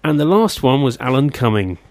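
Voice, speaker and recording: Chatty local radio host. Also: male voice, mid-range voice, big pitch swings, brisk, darkish tone, no echo. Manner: chatty, with fillers and playful repeats. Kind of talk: casual radio chat.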